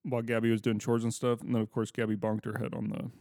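Man, casual podcast talk, rambling with fillers, mellow tone. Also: mid-range voice, flat delivery, fast, no echo, studio quality. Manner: loose and rambling, many fillers. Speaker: podcast co-host, father of an infant.

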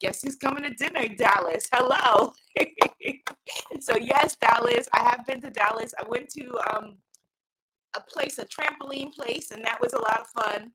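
A woman's voice: fairly high pitch, moderate pace, a bit bright, slight background noise, rough recording. A middle-aged woman with a New York accent hosting a live inspirational talk, exuberant and sing-song, greeting viewers and laughing often. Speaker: host.

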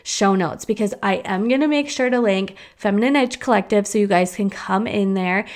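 A woman's voice: medium pitch, moderate pace. Young woman podcast host, casual solo chat, rambling, full of restarts. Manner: rambling, chatty, with fillers and restarts. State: hiccups.

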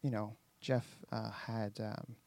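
Male podcast host, casual storyteller, rambling, gravelly and dark. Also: fairly low pitch, little pitch movement, takes it slowly, no echo. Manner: rambling storyteller, many fillers and restarts, acts out quotes. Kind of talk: casual chat.

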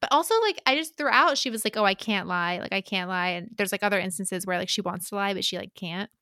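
A woman's voice: mid-range voice, fast talker, bright, forceful tone, no echo, studio quality. A young woman co-hosting a podcast, chatting casually and laughing often as she recaps a story and acts out the characters' lines. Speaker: podcast co-host. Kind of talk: casual chat recapping a novel.

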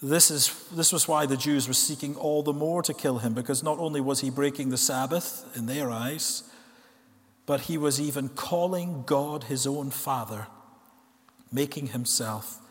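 A man preaching a sermon in a church, earnest, asking rhetorical questions and slowing down to stress key words. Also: medium pitch. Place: church hall. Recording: long reverb of a church hall.

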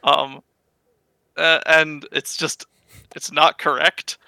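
A man with a Mid-Atlantic American accent tells a story in halting bits, full of fillers. His voice is very bright and crisp, a little higher than most men's. The sound is close and dry. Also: level tone, no room sound, low-quality recording. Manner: hesitant, filler-heavy storytelling. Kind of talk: casual chat.

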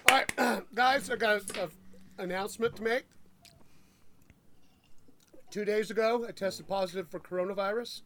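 A man who teaches school, chatting casually in an excitable, jokey way and often breaking into laughter. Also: high-pitched, moderate pace, long pauses, noisy background. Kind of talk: casual chat.

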